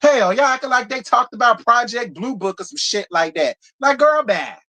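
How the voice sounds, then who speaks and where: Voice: mid-range voice, animated, a little fast, bright, forceful tone. A reality TV reviewer hosting a live show review, ranting in a blunt, profane, heated way and hammering points home by repeating them. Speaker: reality TV reviewer, channel host.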